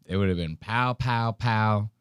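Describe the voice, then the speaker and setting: A man's voice: lowish voice, measured pace, fairly bright tone, clear, resonant tone, dry recording, studio quality. A young man hosting a podcast, reacting to a video in a rambling, profane and incredulous way. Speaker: podcast host. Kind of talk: casual commentary reacting to a video.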